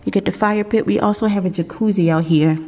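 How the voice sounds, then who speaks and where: A woman's voice: medium pitch, steady tone, quick pace, darkish tone. A woman vlogger giving a casual house tour, chatting and laughing often as she thinks aloud. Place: indoors in a large vacation house, later on a deck. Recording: background music under the voice.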